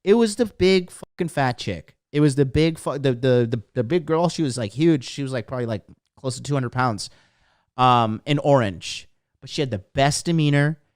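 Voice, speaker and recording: A man's voice: mid-range voice, moderate pace, no room sound, clean studio sound. A young man hosting a casual livestream as a dating coach, brash and profane as he lectures and reads comments.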